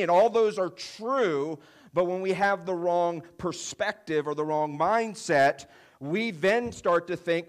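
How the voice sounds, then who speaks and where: A man's voice: high voice, measured pace. A man preaching a sermon in a conversational way, often saying "you know" and leaning hard on key phrases. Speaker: pastor.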